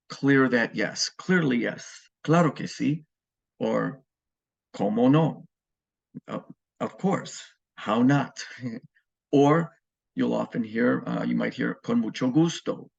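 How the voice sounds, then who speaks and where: Man, Spanish teacher, gravelly husky voice, relaxed lecture full of ums, muffled lo-fi sound. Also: mid-range voice. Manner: relaxed, explanatory, frequent ums and uhs. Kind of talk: recorded classroom lecture. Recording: muffled lo-fi recording.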